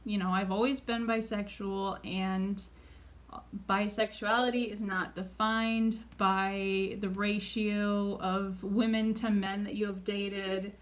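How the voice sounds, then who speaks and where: A woman in her late twenties telling a personal story in a vlog, earnest and excited, raising her voice when quoting others. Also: mid-range voice, slow pace. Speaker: vlogger.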